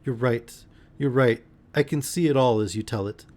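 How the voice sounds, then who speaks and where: Male reader doing a desperate young woman in love; pleading, voice breaking, pitched up. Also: expressive, normal speed, darkish tone, natural voice. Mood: anguished.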